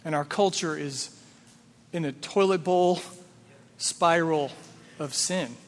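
A man with a fairly high voice preaches in a church sanctuary and keeps throwing rhetorical questions at the congregation. His speech stays casual and conversational. A long reverb from the hall follows every line. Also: slow pace. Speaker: pastor. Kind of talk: sermon.

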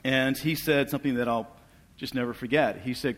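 A middle-aged man giving an earnest church testimony, asking for amens and dropping soft and low at tender moments. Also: steady tone, brisk. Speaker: guest speaker sharing testimony. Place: church hall. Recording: long reverb of a large hall.

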